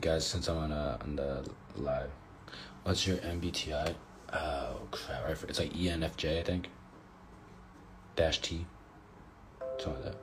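Man, very low voice, casual livestream chat, tired, reading comments aloud. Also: a little hiss or hum. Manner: reads out fan comments and thanks viewers. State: tired, yawning. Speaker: livestream host.

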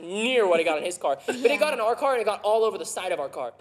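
A man's voice: high voice, very animated, racing, slight background noise. A young man, a podcast host, telling a story in casual chat, laughing often and acting out the voices of the people in it.

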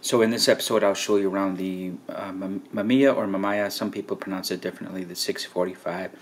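A man with a fairly low voice talks through a camera's features in a relaxed, chatty way, often tossing in "right?" and "okay". A faint hiss sits under the recording. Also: a little fast. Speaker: camera reviewer. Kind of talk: casual hands-on camera walkthrough.

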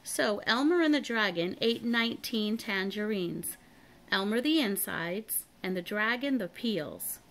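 A woman reading a children's chapter book aloud in a calm, even storytelling voice. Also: mid-range voice, unhurried. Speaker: storybook reader.

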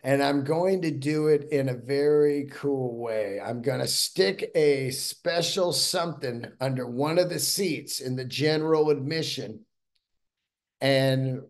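A man hosting his own podcast solo, rambling along in a casual, profane, enthusiastic way. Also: medium pitch. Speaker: podcast host.

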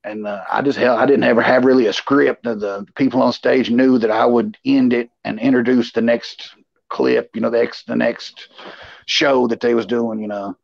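A man's voice: mid-range voice, steady tone, normal speed, creaky, no room sound. A man co-hosting a live chat, telling a long, rambling story with lots of "you know". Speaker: co-host. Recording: slightly dull, lo-fi sound.

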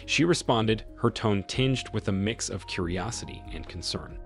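A man narrating a scripted first-person story in a measured, reflective way. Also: lowish voice, gravelly, soft background music.

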